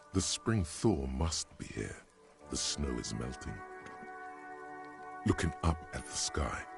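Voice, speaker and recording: A man voicing a brooding, deadpan inner-voice narrator in a video game, deep and measured. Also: creaky, exaggerated voice. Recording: game audio with music playing.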